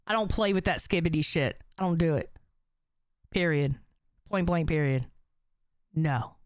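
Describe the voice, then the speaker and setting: Reading her chat aloud, a livestream host in her forties is blunt, profane and emphatic. She has a low voice and a measured pace, and the recording is dry.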